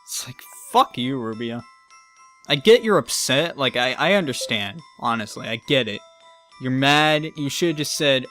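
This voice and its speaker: A man's voice: mid-range voice, expressive, normal speed, sharp tone, faint music behind. A man giving casual gameplay commentary, ranting with exasperated profanity and jokes. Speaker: let's play commentator.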